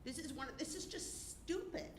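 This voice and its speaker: A woman's voice: high voice, normal speed, slight background noise. Upset woman speaking in an echoey room. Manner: emotional, indignant, voice rising and cracking. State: upset, on the verge of tears. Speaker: parent speaking at public comment. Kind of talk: public comment at a school board meeting. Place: school board meeting room.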